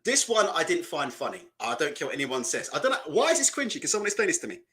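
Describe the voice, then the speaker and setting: A man's voice: fairly high pitch, wildly swooping pitch, quick pace, bright, forceful tone. A man doing casual, mocking live-stream reaction commentary, asking rhetorical questions and laughing often.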